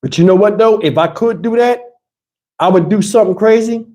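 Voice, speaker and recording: A man's voice: high voice, brisk, dark tone. A middle-aged man with a Southern US drawl holds a casual live chat. He rambles loosely, laughs a lot and jumps into lines from old movies. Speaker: livestream host.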